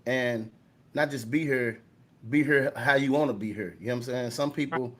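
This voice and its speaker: A man co-hosting a casual chat show, animated and slangy as he hypes up the guest. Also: medium pitch, moderate pace. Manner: animated, hyping others up, slangy.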